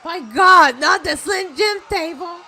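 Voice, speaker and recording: A woman streamer reacting live to a wrestling show, excitable and swearing, often shouting at the action. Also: very high voice, measured pace, faint music behind. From Puerto Rico. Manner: excitable, profane, shouts at the screen.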